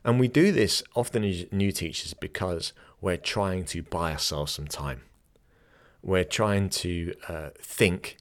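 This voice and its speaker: Low-voiced man chatting casually. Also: slow pace. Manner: chatty, self-correcting, laughs easily. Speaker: podcast host and yoga teacher. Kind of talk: casual podcast chat.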